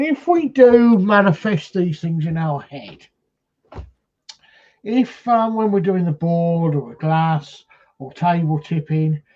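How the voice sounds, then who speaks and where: A high-pitched man with a mellow, darkish tone tells a rambling paranormal anecdote in casual live-stream chat. He keeps stopping and restarting between fillers. The sound is dull and lo-fi. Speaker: paranormal investigator.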